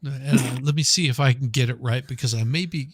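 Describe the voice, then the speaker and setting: A man's voice: medium pitch, a little fast, husky, no echo. A man co-hosting a casual podcast, telling jokes and anecdotes with quoted mock voices. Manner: easygoing joke-teller, slips into mock quoted voices. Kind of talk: casual chat.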